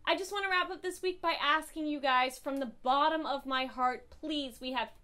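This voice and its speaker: A woman's voice: high voice, moderate pace, sharp tone. A young woman reviewing comic books in a casual vlog, blunt and profane, swinging between gushing and furious.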